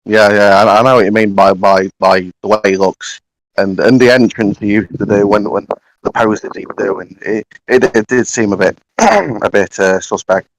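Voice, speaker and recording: Podcast guest, male, low-pitched, halting delivery with many restarts. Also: poor audio. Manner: halting, many repeated words. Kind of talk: casual podcast chat.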